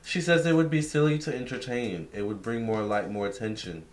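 A young man working as a tarot reader speaks briskly in a mid-range voice during a casual psychic reading. He relays what a spirit is telling him, stumbling through many fillers and restarts.

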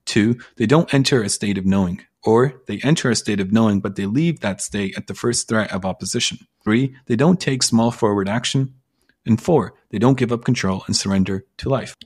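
A man's voice: on the low side, moderate pace, a little mellow, husky. A man giving a blunt, persuasive self-help monologue in a casual, emphatic way, with frequent swearing. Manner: blunt, casual, sprinkled with profanity. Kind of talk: motivational monologue.

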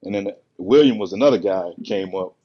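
A man who is a bodybuilder and podcast guest, telling stories in a relaxed, rambling way and acting out the quotes. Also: on the low side, fairly quick, husky. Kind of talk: casual storytelling on a podcast. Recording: muffled lo-fi podcast audio.

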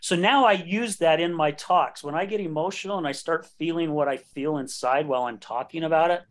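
Speaking a little fast in a slightly high voice, this man in his late fifties hosts a podcast, chatting openly, cracking jokes, and laughing a lot in casual conversation.

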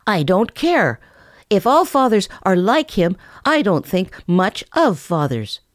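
A woman's voice: lowish voice, big pitch swings, unhurried, no echo, studio quality, pitched above the performer's own voice. A woman voicing a sulky young male bear cub who sniffs scornfully.

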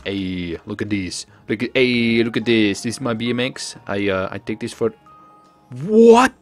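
A young man giving excitable live commentary on his gameplay stream, joking with chat and swearing. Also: lowish voice, normal speed, soft background music. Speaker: gaming streamer.

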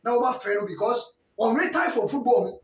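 Emphatic Ghanaian football commentator, echoey. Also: male voice, extremely high pitch, animated, fairly quick, fairly bright tone, a little hiss or hum. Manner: emphatic, bursts of raised voice. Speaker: sports commentator. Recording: roomy echo, distant mic.

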